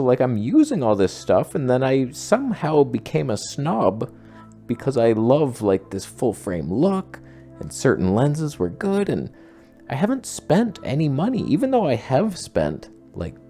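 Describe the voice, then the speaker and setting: Gravelly, animated man vlogging. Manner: rambling, self-mocking, animated with sudden pitch jumps. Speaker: camera gear vlogger. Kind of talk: casual talking-head vlog.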